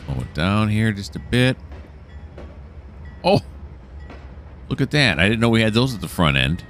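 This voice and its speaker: A man's voice: fairly low pitch, sing-song, measured pace, a bit bright, slight background noise. A man narrating a train simulator game as he plays, thinking aloud and correcting himself. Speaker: gameplay commentator. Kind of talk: relaxed let's-play narration.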